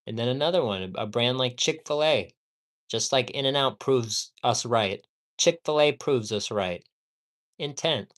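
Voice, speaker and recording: A man's voice: medium pitch, animated, a little slow, a bit bright. Profane man ranting on a livestream. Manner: profane, emphatic, rambling. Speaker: live streamer. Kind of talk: casual livestream rant. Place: at home.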